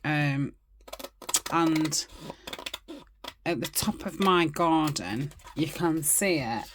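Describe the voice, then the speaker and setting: Middle-aged woman, low unhurried voice, rambling crafting chat with muttered asides, faint noise behind. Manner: rambling, chatty, murmurs asides to herself. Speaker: craft channel host. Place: home crafting desk.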